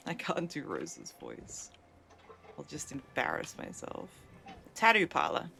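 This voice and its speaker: A woman's voice: low voice, wildly swooping pitch, slow pace, vocal fry, pushed and bright, slight background noise. A woman live-streaming a game, chatting casually, thinking aloud and poking fun at herself.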